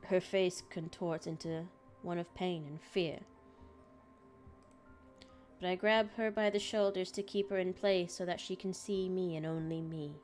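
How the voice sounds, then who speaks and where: A woman's voice: fairly low pitch, darkish tone. Woman streamer reading a game aloud. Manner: dramatic reading broken by laughing asides. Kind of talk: reading a visual novel aloud.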